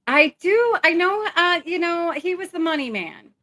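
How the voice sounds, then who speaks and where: A woman's voice: very high voice, lively intonation, moderate pace, bright, forceful tone, no echo. A middle-aged woman talking as an interview guest over a video call, rambling and emotional with many fillers.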